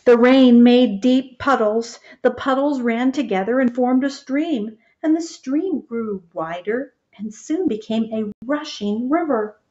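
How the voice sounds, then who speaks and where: A woman reading a picture book aloud, gentle and expressive, stopping to point out the pictures. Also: fairly high pitch, a little slow, hardly any pauses, muffled recording. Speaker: storybook reader.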